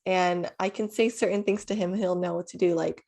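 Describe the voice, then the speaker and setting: A young adult woman co-hosting a podcast in casual chat, relaxed and loose with "like" fillers and laughs. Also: fairly low pitch, brisk, vocal fry. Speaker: podcast co-host.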